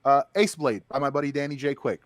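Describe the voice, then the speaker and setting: A man's voice: medium pitch, fast talker, no room sound. Laid-back man, dry close recording. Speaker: host. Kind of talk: casual debate.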